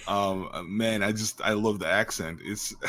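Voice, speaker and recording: A man's voice: fairly low pitch, fairly bright tone. A man being interviewed as an actor guest, talking in a rambling, casual way with many fillers and frequent laughter.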